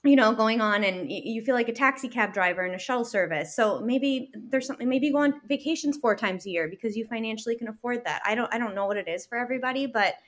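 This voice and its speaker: Speaking at a fairly high pitch, a woman in her thirties who is a working mother joins a casual interview as a guest. She's earnest and animated, with ready laughter.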